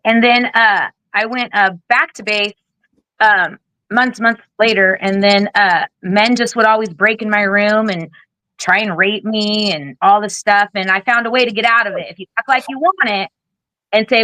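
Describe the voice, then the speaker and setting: A bright, forceful woman's voice, close and dry on the mic. She is a military veteran in her forties giving a candid interview, blunt and animated, with casual swearing. She acts out what other people said as she goes. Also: medium pitch, normal speed, no room sound, poor audio. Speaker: guest, Air Force veteran.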